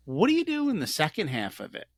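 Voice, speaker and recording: A man's voice: a little high, wildly swooping pitch, fast. A man hosting a podcast, chatting casually with his guest and repeating words as he thinks aloud. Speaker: podcast host. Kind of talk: casual interview chat.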